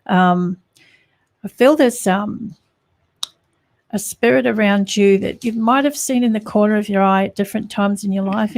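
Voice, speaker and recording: Woman, psychic co-host, encouraging, measured, hesitant. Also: medium pitch, a little mellow. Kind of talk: live radio psychic reading.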